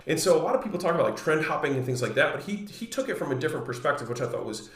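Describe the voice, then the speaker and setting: A man's voice: on the high side, racing. Chatty man in a roomy room. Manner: relaxed, chatty, full of "like" and retold quotes. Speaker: podcast host. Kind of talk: casual solo monologue.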